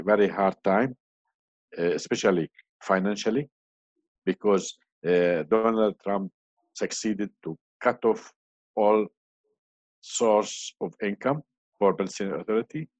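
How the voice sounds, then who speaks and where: In an online panel interview, a male guest answers questions hesitantly, full of fillers and restarts. His voice is fairly low and darkish, with no echo, captured on a dull lo-fi recording.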